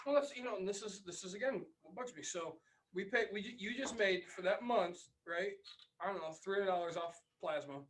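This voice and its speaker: A man co-hosting a casual podcast, heated and excitable, swearing often as he argues. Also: high-pitched, fairly quick, a little hiss or hum, low-quality recording. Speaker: podcast co-host. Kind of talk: casual argumentative chat.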